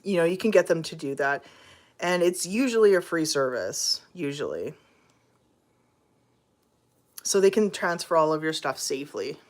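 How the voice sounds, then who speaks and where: This woman's low voice carries lively intonation at a moderate pace, and she pauses often. Vlogging casually at home, she chats to camera and viewers, talks to her cats, and uses many fillers.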